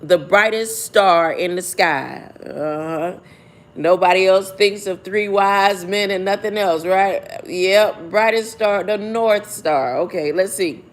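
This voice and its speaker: A woman in unhurried, drawn-out commentary, reading aloud and pausing to muse. She rambles and keeps asking a rhetorical "huh?". She corrects herself mid-thought, and her voice sits at a middling pitch. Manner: rambling, asks rhetorical "huh?" often, breaks off to self-correct. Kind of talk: casual musing commentary.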